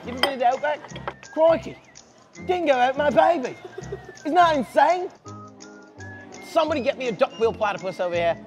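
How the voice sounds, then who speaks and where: Brash Australian bushman with a loud twang, played by a young man, high-pitched, for a student sketch. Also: animated, normal speed, long pauses, dull audio, faint music behind. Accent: put-on Australian.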